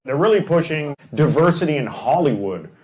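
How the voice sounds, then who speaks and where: A man doing a stand-up comedy set with deadpan delivery and crowd work in a large theater. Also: a little high, a little fast. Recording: echoey hall with loud noise and crowd.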